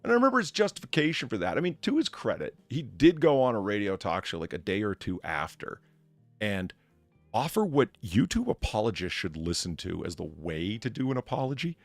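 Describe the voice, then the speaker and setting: Gravelly, lively man hosting. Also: lowish voice, dry recording, faint music behind. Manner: animated, laughing, quick asides and restarts. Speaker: host. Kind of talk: casual chat.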